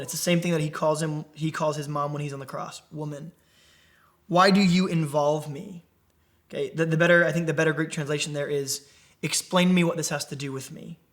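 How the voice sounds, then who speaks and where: A man leading a conversational Bible teaching for a young adult group, often asking the listeners questions. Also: a little high. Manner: animated, asks the group questions. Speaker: young adult ministry preacher.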